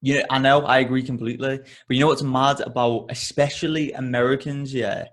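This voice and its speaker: Brief: young English male co-host, easygoing podcast banter, relaxed and jokey. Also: medium pitch, fairly quick. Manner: laid-back, laughs often, swears casually. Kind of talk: casual podcast chat.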